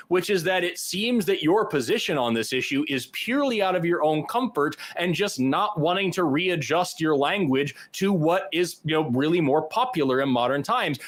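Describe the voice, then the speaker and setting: Male call-in co-host, argumentative and emphatic, slightly high pitch. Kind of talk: call-in debate.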